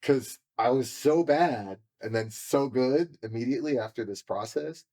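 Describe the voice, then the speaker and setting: Warm-toned and mid-range at a moderate pace, this Californian man's voice carries an emotional, confessional account on a podcast. He's candid and profane, acting out the words people said to him.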